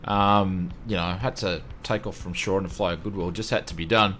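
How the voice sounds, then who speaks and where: A man's voice: low voice, fairly even intonation, normal speed, a bit bright, slight background noise. A man hosting a casual livestream, chatting and greeting viewers one by one. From Australia. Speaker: livestream host.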